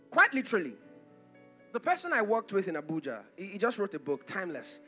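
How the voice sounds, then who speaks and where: Male pastor, high lively voice, bright, passionate sermon delivery, soft music underneath. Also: fairly quick. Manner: impassioned preaching, rising to shouts, with acted asides.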